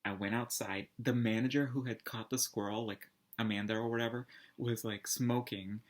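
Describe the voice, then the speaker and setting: A man's voice: medium pitch, normal speed. Rambling man telling a funny story. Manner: rambling, animated, heavy use of "like" and restarts. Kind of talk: casual anecdote telling.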